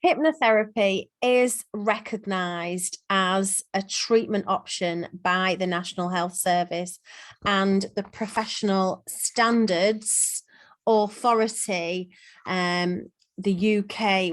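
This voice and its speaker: A woman's voice: medium pitch, steady tone, takes it slowly. A woman, a hypnotherapy trainer, talking casually to a group over a video call, with plenty of ums and restarts. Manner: chatty, frequent ums and restarts. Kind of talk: casual teaching talk. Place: online peer supervision call.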